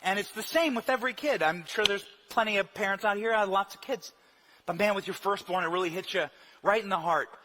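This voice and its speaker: A young man giving a live speech in a large hall, shouting in punchy bursts and at times dropping into quiet, earnest talk. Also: high-pitched, quick pace, background noise. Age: young adult. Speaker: rally speaker.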